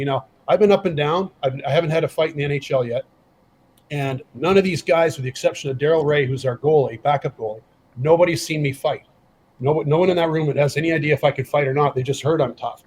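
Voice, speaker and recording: This podcast guest is a middle-aged man who used to be a pro hockey enforcer, and he tells a casual story at a quick pace in a fairly high voice. He acts out the quoted dialogue with animation; the low-quality recording carries slight background noise.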